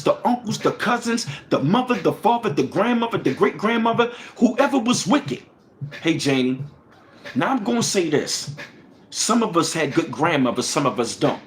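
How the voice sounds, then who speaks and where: A man hosting a livestream, ranting angrily and profanely with lots of repetition, swinging between loud bursts and low mutters. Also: slight background noise. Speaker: livestream host.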